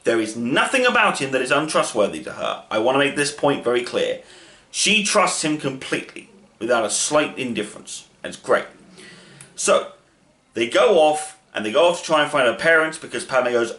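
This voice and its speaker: Guy rambling through a story retelling, bright voice, lots of asides, roomy echo. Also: medium pitch. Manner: chatty, rambling, with asides and fillers. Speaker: channel host.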